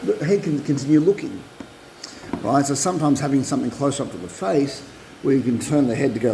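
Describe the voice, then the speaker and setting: Animated man, mellow voice, coaching. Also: mid-range voice, fairly quick, slight background noise, poor audio. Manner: animated, repeats himself, acts out dog voices. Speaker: dog trainer. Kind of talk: casual instructional talk. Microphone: propped-up phone.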